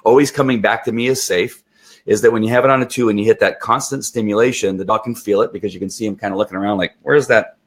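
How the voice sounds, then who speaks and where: A middle-aged man who trains dogs, giving an instructional talk in an animated way and acting out what the dog is thinking. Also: on the low side, fast. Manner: animated, acts out the dog's thoughts.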